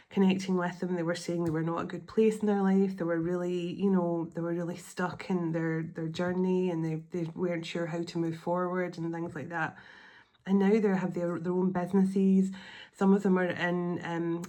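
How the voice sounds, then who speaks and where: A woman who hosts a psychic channel, chatting casually, gushing with thanks and rambling with fillers and restarts. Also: lowish voice. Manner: warm-hearted, rambling, effusive with gratitude, many fillers and restarts. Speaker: psychic medium and channel host. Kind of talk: casual spiritual video chat.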